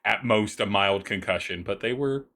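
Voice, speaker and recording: A man narrating a tabletop roleplaying session as game master. His voice sits fairly low, and he describes each scene in loose, halting sentences full of restarts. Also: pushed and bright.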